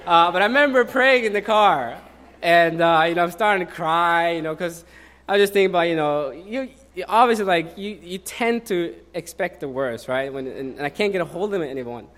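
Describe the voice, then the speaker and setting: A man in his thirties preaching a sermon in a relaxed, conversational way, telling a personal story with many fillers. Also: fairly high pitch, normal speed.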